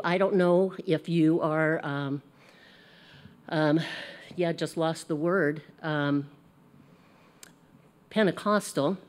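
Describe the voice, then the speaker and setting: An American woman teaching a casual Bible lesson, chatty and animated, laughing at herself as she goes. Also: on the low side.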